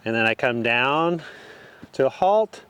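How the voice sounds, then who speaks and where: A man training a horse outdoors, talking the viewer through each step in a relaxed, casual way. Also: medium pitch, unhurried, clear, resonant tone. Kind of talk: casual instruction while working a horse.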